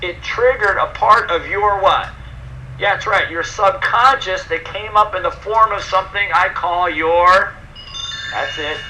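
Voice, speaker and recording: Man, motivational speaker, emphatic, asks questions, slightly high voice, faint background hiss. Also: bright, forceful tone, low-quality recording. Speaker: speaker presenting a personal development program. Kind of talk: motivational seminar talk.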